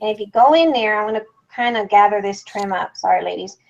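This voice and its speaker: A woman's voice: medium pitch, quick pace, vocal fry. A woman hosting a crafting livestream, chatting casually and reading out viewer comments while she works. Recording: dull lo-fi sound.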